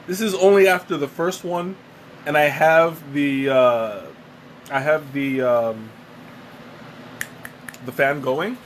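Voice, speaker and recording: The host takes his time and pauses often, his fairly high voice backed by a little hiss or hum. Sweating and winded after choking, he rambles and makes fun of himself during a laid-back home tea-tasting livestream, a fan running in the room.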